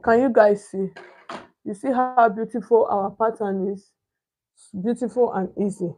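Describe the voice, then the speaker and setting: A young Nigerian woman with a voice on the high side speaks unhurriedly with fairly even intonation. She's a sewing instructor walking viewers through pattern cutting step by step, chatty, often pausing to ask "can you see?" and searching for the right word.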